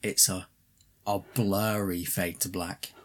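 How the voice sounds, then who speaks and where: Guy ranting about a terrible movie, husky voice, lots of swearing and sarcasm. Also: low-pitched, flat delivery, slow. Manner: sarcastic, recaps the plot with mocking quoted voices. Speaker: podcast co-host reviewing a film. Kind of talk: casual sweary chat.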